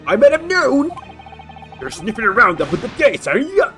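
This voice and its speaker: A hulking, hostile jailer boss with a rough, gravelly bark, as a woman does his voice. He swings between smug pride and outright threats, pushing his pitch around widely. Soft game music plays faintly behind him. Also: big pitch swings, normal speed. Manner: menacing, suspicious, blustering. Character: huge gruff middle-aged male prison governor, hostile.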